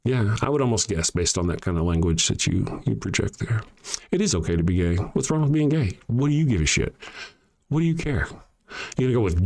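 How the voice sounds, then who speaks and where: A man's voice: medium pitch, big pitch swings, brisk, a little mellow. A man hosting a livestream, ranting back at commenters in a profane, sarcastic, confrontational way, often restarting his sentences. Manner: frequent restarts and trailing sentences. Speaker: livestream show host. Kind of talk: heated livestream commentary reading chat.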